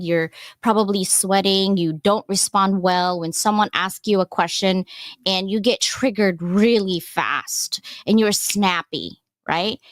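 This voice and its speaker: A woman's voice: mid-range voice, no room sound, studio quality. A woman giving a casual live presentation as a workshop presenter, chatty and encouraging, with frequent digressions.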